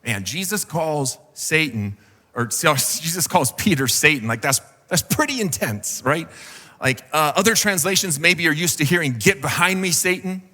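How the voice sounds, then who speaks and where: A man's voice: on the high side, expressive, normal speed, sharp tone, long reverb tail. A man preaching a sermon as a pastor, in a casual, joking, conversational way. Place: church sanctuary.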